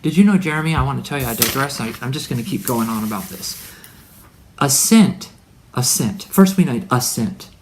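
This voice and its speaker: A man delivering a rambling spiritual monologue to his son. He is preachy and full of wordplay, and he swings from loud declarations to hushed asides. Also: medium pitch, expressive, moderate pace, slight background noise. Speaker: religious speaker addressing his son.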